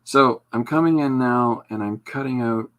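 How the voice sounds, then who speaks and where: A man's voice: medium pitch, moderate pace, a bit bright. A man hosting a podcast, chatting casually while he draws, rambling with dry, self-deprecating humor. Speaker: podcast host and comic artist.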